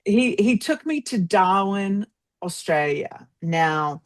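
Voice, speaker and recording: A woman in her fifties from New York telling her story as a guest on a podcast, in an upbeat, lively way. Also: mid-range voice, slow. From New York, of Puerto Rican roots. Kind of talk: casual interview.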